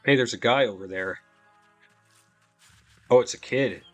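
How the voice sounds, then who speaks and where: A man's voice: medium pitch, unhurried, soft background music. A man streaming a video game live, chatting casually and rambling between remarks, with an easy, offhand swear here and there.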